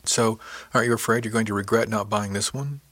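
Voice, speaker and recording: A man narrating an audiobook voices a frank, friendly woman spacer, speaking candidly and matter-of-factly, in his own low-pitched voice. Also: fairly even intonation, brisk, a bit bright, dry recording. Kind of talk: audiobook character voice.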